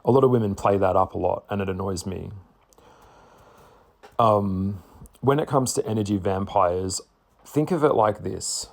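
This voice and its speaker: A man talking bluntly to camera in a casual monologue, swearing freely and stressing his points with slow, repeated words. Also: lowish voice, gravelly. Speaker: spiritual vlogger.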